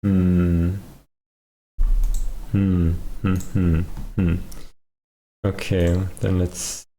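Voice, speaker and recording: A man's voice: low voice, flat delivery, drawn-out words, mellow, low-quality recording. A man streaming his coding session, thinking aloud with muttered hmms and blunt swearing. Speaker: streamer and game developer. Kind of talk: casual livestream commentary.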